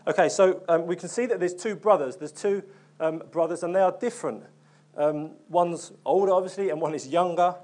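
Young male preacher, earnest, conversational delivery, slightly higher voice, plenty of fillers and restarts. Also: fairly quick, a little mellow. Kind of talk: sermon.

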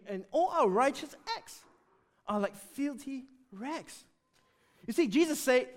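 A man preaching a sermon, emphatic and animated, often dropping suddenly to a quiet voice. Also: high-pitched.

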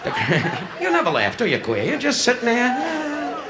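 Brash insult comic guy, pitch jumping all over, noisy old live club tape w/ crowd laughs. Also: huge pitch swings, a little slow. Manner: brash, heckles audience members. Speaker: stand-up comedian. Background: audience laughter.

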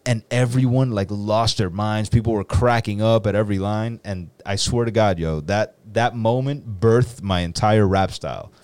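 A man's voice: fairly low pitch, moderate pace, hardly any pauses, a little mellow, no echo. A man telling a story in casual talk over drinks, emphatic and profane, repeating himself. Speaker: rapper and podcast co-host.

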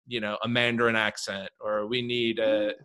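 A man's voice: on the low side, level tone, moderate pace, sharp tone, clean tone. A man hosting a podcast, asking questions in a chatty, informal way that rambles. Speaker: podcast host. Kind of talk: casual interview chat.

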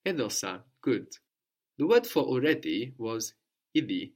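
A man teaching a spoken language lesson, patiently prompting his student and repeating each answer slowly. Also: medium pitch, very animated, a little mellow.

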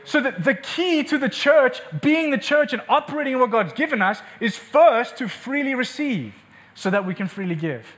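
A man's voice: very high voice, lively intonation, moderate pace, a bit bright. A male pastor preaching an impassioned, emphatic sermon in a church meeting room, repeating words for force.

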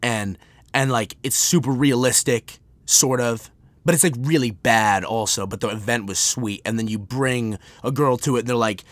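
A man's voice: medium pitch, normal speed, no room sound. A young man hosting a solo podcast, talking casually in a rambling, jokey way with lots of fillers. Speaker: podcast host.

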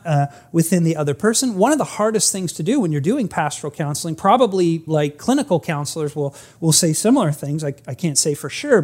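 Pastor preaching, earnest and emphatic, pitch going up and down a lot, slows way down on key words. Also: a little mellow. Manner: earnest, emphatic, acts out stories; frequent restarts, slows for emphasis. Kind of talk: sermon.

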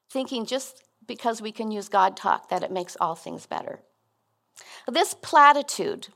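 A woman's voice: fairly high pitch, gravelly, a bit bright. A middle-aged woman giving a sermon as guest speaker, conversational and earnest with frequent restarts.

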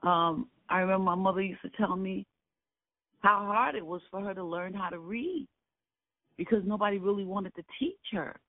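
A man's voice: high voice, normal speed, no echo. An older man from Brooklyn, recalling his family's past in an interview, earnest and emphatic, repeating key phrases. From Brooklyn, New York. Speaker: oral history interviewee. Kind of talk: personal recollection in an interview. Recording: dry, tinny phone-like line.

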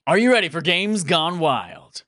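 Seorang pria membawakan kuis dalam obrolan podcast santai, sering tertawa dengan gaya yang hidup. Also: male voice, on the high side, unhurried, no room sound, studio quality. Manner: lively, laughs often, animated delivery. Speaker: podcast host. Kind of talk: casual podcast chat, running a quiz game.

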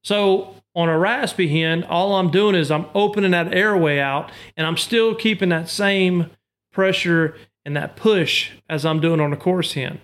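Brief: middle-aged man, slightly high voice, patient instructional talk, repeats points. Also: unhurried, fairly bright tone. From Arkansas. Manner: explains technique with homely comparisons, repeats himself. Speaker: duck call maker and hunter.

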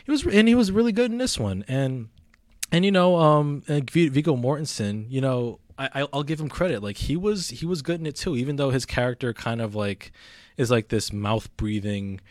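A man's voice: medium pitch, expressive, moderate pace, darkish tone, no echo. Rambling man chatting about movies, dry sound. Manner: rambling, many restarts and fillers. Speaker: movie reviewer. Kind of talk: casual podcast chat.

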